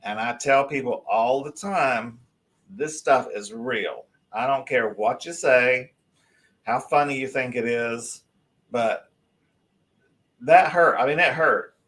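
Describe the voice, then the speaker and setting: A man, telling a story as a guest on a live talk show, animated and rambling, with many restarts. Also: mid-range voice, takes it slowly.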